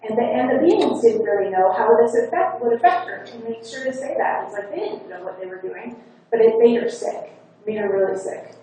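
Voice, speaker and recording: This hypnotherapist's voice sits a little high, with a dark tone, lively intonation, and a slightly fast delivery as she gives her conference talk, recounting a client's session conversationally. The hall is echoey, and a faulty wireless lapel mic leaves her distant with faint hiss.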